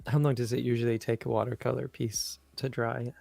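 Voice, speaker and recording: Easygoing young man with a gravelly voice. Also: mid-range voice, dry recording. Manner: relaxed, unhurried, easygoing. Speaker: co-host reading the chat. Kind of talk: casual chat. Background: faint music.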